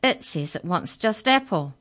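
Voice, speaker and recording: A woman voicing a huge male giant pastry cook who booms loudly in a storybook reading. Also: expressive, a little slow. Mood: booming. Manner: booming, loud.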